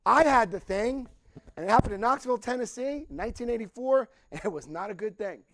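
An older man telling a story at a recovery meeting, animated and acting out the dialogue, laughing as he goes. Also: very high voice, fast, slight background noise. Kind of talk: storytelling talk.

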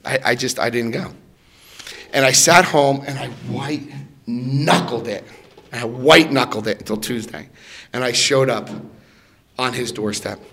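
A middle-aged man telling his recovery story to a room, animated, swinging between loud and soft and acting out voices. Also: mid-range voice. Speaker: recovery speaker.

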